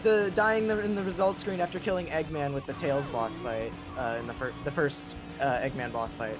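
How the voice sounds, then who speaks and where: A man's voice: mid-range voice, moderate pace, over music. A man chatting casually and rambling as he streams a racing game, laughing often. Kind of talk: casual gaming chat.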